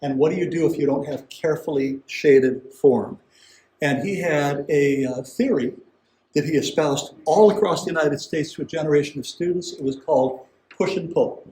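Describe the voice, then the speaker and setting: A man's voice: on the high side, normal speed, darkish tone. A man giving a conversational art lecture to a museum audience, chatty, with asides and questions to the room. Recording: roomy gallery echo.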